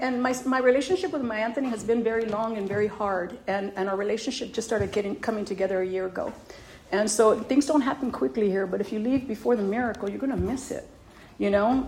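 A middle-aged woman giving a personal testimony as a speaker at a recovery meeting. She tells her story in a lively way and acts out her own reactions when she quotes herself. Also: mid-range voice.

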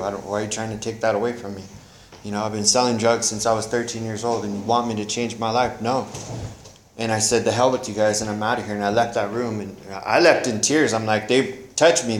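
Middle-aged man, blunt recovery-meeting testimony, lots of "you know", roomy echo, faint hiss. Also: medium pitch. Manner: candid, rambling, frequent "you know", swearing. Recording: echoey room, faint noise.

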